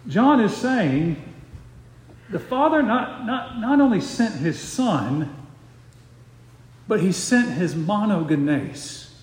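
Middle-aged male pastor, deliberate sermon delivery with repeated emphasis, slightly high voice, roomy reverberant sanctuary sound. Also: very animated. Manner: slows to stress key phrases, repeats words. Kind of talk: expository sermon.

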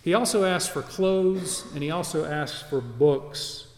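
A man's voice: on the high side, unhurried, darkish tone, a little hiss or hum. A man preaching an expository sermon as pastor, earnest and emphatic, often repeating himself and restarting phrases. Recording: echoey church hall with long reverb.

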